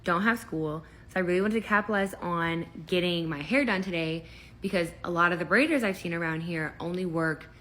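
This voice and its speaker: A young woman who is a student chats through a casual storytime, talking straight to her viewers. Her voice sits a little low. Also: brisk, fairly bright tone. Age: young adult.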